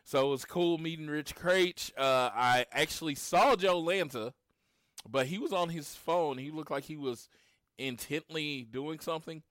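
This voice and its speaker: A man in his late thirties from Oklahoma, chatting casually as a podcast co-host and retelling his encounters with lively storytelling. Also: on the high side, a little slow, dry recording, studio quality. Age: 30s. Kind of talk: casual chat.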